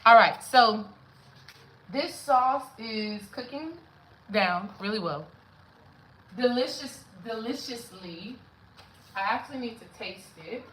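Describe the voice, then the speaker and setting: A woman in her young adult years talks straight to her viewers while she cooks, chatty and familiar. Her voice sits high and bright, and she takes her time. A faint noise hums behind her. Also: lively intonation, takes it slowly, pauses often, low-quality recording. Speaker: spiritual coach cooking on camera. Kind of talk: casual cooking vlog chat.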